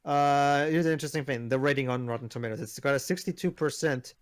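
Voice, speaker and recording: A man's voice: medium pitch, fast talker, clean tone, no room sound, clean studio sound. A man leading a casual group movie commentary, teasing the others and quizzing them about the film.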